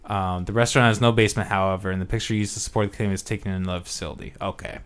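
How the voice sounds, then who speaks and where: A man's voice: on the low side, steady tone, racing, clean tone. A man hosting a casual podcast, rambling and hesitant, full of fillers and swearing. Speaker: podcast host.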